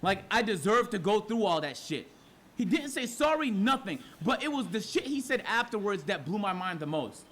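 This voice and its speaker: A young man telling a story to his live chat as a streamer, animated and profane, acting out his own replies in a hushed voice. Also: high voice, normal speed, a little hiss or hum. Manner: animated, profane, talks to chat, acts out his side quietly.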